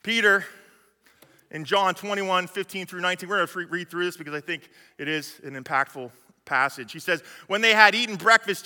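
A man's voice: high voice, a little fast, sharp tone. A man preaching a sermon, retelling Bible stories in casual slang with frequent restarts. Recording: long hall reverb.

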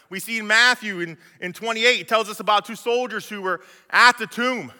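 Guy giving a sermon, high voice, super bright, casual slangy storytelling, long echo from a big church hall. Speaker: preacher.

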